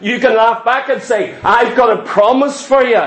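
A man with a notably high voice delivers a sermon. He drives his points home through emphatic repetition and direct address to the listeners. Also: normal speed, a bit bright, echoey room, rough recording. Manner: emphatic, repetitive preaching cadence. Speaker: preacher.

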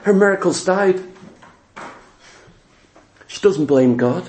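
A man's voice: high voice, expressive, takes it slowly, darkish tone. A man preaching an impassioned sermon, firing rhetorical questions and repeating his phrases for emphasis. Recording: echoey room.

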